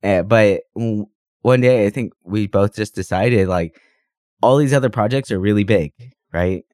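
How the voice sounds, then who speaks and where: A man with a very low voice co-hosts a casual podcast while sick. He rambles enthusiastically with plenty of fillers. The recording is dry and close on a podcast mic. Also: normal speed, darkish tone, dry recording. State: sick, under the weather. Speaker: podcast co-host. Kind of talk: casual chat. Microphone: podcast microphone.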